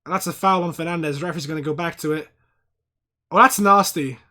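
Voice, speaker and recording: A man hosting a football watchalong livestream, giving casual live commentary, chatting to viewers and bursting into loud, sweary outbursts. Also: fairly high pitch, brisk. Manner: excitable, swears a lot, erupts in loud outbursts at fouls; chats to viewers by name, reads chat aloud.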